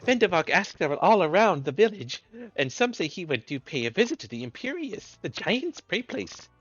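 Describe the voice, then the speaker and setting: A man's voice: high-pitched, sing-song, moderate pace, a bit bright, muffled recording, soft background music, voice pushed up, full character voice. A man voicing a small, frantic female beast-tribe creature who pleads urgently in broken grammar. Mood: frantic pleading. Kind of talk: voicing game dialogue.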